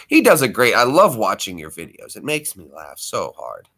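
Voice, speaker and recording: This man hosts a relaxed home live stream, bantering casually with viewers and quick to laugh. His lowish, husky voice comes across bright and forceful, its pitch swooping wildly as he speaks at a moderate pace.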